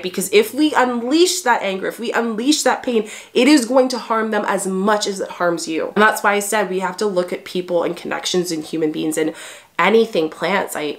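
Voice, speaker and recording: A woman hosting a casual advice video, talking earnestly to her viewers as a spiritual coach, encouraging and repeating herself with "you know" fillers. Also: mid-range voice. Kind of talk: casual advice vlog to camera.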